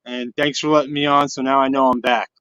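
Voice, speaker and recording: A man's voice: medium pitch, little pitch movement, quick pace, pushed and bright, clean tone, no echo. A man calling into a sports show, rambling in a loose, chatty way. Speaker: caller. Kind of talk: casual call-in chat. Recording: dull lo-fi online stream audio.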